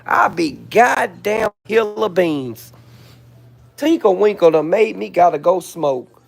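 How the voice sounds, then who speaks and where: Man, livestreamer, sassy theatrical roasting, high voice, gravelly fry. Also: animated, slow pace. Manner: sassy, theatrical, mock-pleading. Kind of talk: live stream roasting a commenter.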